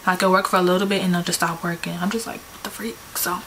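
A young adult woman from Georgia, USA, vlogs casual video calls with strangers on her phone, chatting nervously and giggling. Her fairly low voice moves quickly with fairly even intonation. The recording sounds roomy, with loud background music and other noise.

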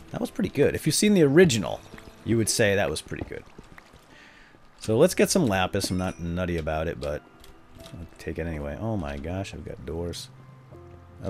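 A man's voice: low-pitched, slight background noise. A man in his thirties chatting casually while he plays a video game, telling family stories with jokey asides. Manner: chatty storyteller, jokey asides, playful pretend salesman banter. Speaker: gaming video host.

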